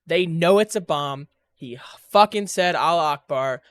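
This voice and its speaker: A man's voice: high-pitched, measured pace, smooth, no echo. A man reacting to news clips in an angry, profane rant. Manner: angry, swearing, blunt. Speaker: reaction streamer. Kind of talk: profane ranting reaction commentary.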